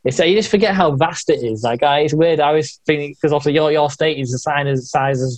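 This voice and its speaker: A man's voice: a little high, a little fast, no echo. A young man from Yorkshire with a northern English accent, chatting casually and hesitantly, full of fillers and small laughs. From England, Yorkshire. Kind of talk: casual chat.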